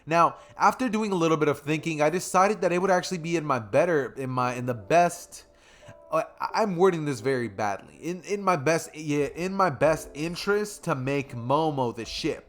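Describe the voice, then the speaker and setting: A man's voice: on the high side, animated, moderate pace. A young man casually retelling his own fan story, rambling, slangy and correcting himself as he goes.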